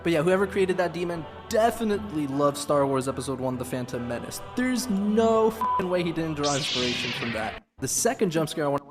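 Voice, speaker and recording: A high-voiced man talks with big swings of pitch, emphatic and swearing as he reacts in a video clip. A clear music bed runs under his voice the whole time. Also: lively intonation, a little fast, hardly any pauses. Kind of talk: excited commentary clip.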